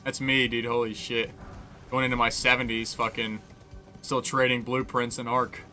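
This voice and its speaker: Young man, streamer, casual gaming chat, profane, laughs a lot, bright tense voice. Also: mid-range voice, level tone, normal speed, faint music behind. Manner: loose and profane, laughs often, rambling.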